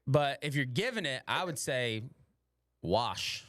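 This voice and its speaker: This is a man in his twenties hosting a casual, crude podcast. He speaks at an average pitch, close to the mic, with no room sound, and he rambles through stories with plenty of swearing. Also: lively intonation, slow pace, a bit bright, dry recording. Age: 20s. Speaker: podcast host.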